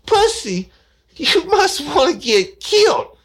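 A man putting on a shrill, scandalized woman on the phone. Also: sing-song, fairly quick, vocal fry, a bit bright, heavily acted. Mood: prim, scandalized. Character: indignant woman answering the phone.

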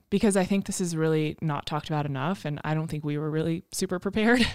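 A woman with a fairly low voice talks openly and earnestly as she hosts a podcast. Her sound is dry and close, with no room around it. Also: clean tone, no echo. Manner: frank, earnest, storytelling about personal experience. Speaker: podcast host. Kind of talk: candid podcast conversation.

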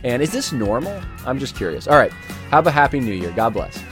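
A man's voice: mid-range voice, big pitch swings, fairly quick, music in the background. Earnest man musing to camera. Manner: earnest, repeats words while thinking. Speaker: commentator. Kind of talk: casual video commentary.

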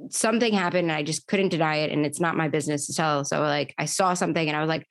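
A woman's voice: low voice, fast, no echo, clean studio sound. A young woman, telling her story in a chatty way full of fillers during an interview. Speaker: podcast host, guest. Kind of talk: casual interview chat.

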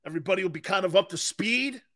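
A man hosting a sports talk show, delivering an excitable, emphatic monologue that swings between shouting and low asides. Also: fast talker, creaky.

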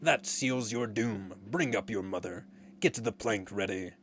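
A man reading a storybook aloud, voicing a menacing pirate captain who roars and drawls slowly. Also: fairly low pitch, a bit bright. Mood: snarling. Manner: roaring, slow and syrupy.

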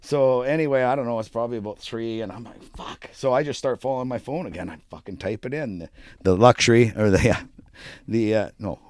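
A man's voice: mid-range voice, fast talker, darkish tone. A middle-aged man telling a rambling, profane story in a casual podcast chat, laughing often. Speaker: podcast co-host.

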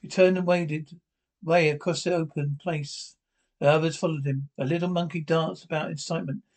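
A man reading a classic adventure novel aloud as narrator, halting often and restarting words. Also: on the high side, a little mellow, rough recording. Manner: halting, frequent restarts and stumbles. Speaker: audiobook narrator.

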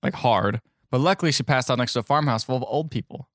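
A man's voice: mid-range voice, fast, fairly bright tone, dry recording, clean studio sound. A man co-hosting a podcast, wryly retelling scenes of an old movie in casual chat. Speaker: podcast co-host.

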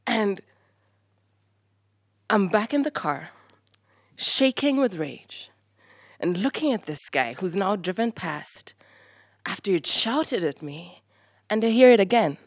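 Woman storyteller, animated, dry close mic. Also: medium pitch, slow pace, long pauses, dry recording. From Kenya. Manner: animated, acts out her own shouting. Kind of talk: live personal storytelling.

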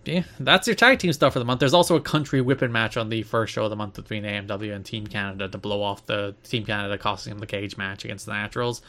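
A man co-hosting a casual podcast, talking quickly and wryly, often laughing. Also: fairly low pitch, fairly even intonation, sharp tone. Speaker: podcast co-host. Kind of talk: casual chat.

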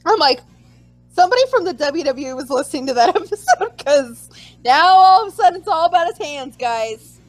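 Brief: woman co-host, very high and lively pitch, excitable storyteller, dry close mic. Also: a little fast, no echo, faint music behind, rough recording. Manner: animated, acts out her own reactions in a squealing voice. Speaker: podcast co-host. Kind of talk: casual chat.

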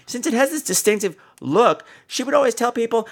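A woman calling in to a podcast and telling a rambling story, jumping into high impressions. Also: fairly quick, few pauses. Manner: animated, jumps into high-pitched impressions. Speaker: caller.

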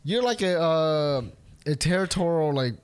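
A man's voice: on the high side, expressive, a little slow, background noise. A man on a casual podcast, telling an argument as a story, acting out both sides and laughing often. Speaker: podcast co-host. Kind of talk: casual chat.

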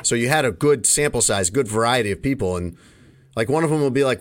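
A man's voice: medium pitch, animated, quick pace. A man from Chicago hosting a podcast, telling long, rambling stories in casual chat. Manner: chatty, rambling storyteller.

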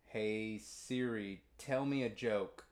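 A man's voice: fairly low pitch, slow pace, darkish tone. A man co-hosting a podcast in casual chat, joking and laughing often. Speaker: podcast co-host.

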